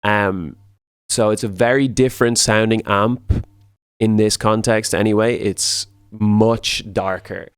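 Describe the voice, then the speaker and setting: Low, smooth-voiced man walking through a tutorial. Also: slow, dry recording, studio quality. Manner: relaxed, repeats words for emphasis. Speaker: music producer. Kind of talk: casual tutorial walkthrough.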